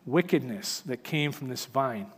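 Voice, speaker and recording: A man's voice: medium pitch, lively intonation, measured pace, breathy edge, big-room sound. A man preaching a sermon, reading scripture aloud and explaining it with earnest, emphatic delivery. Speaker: pastor.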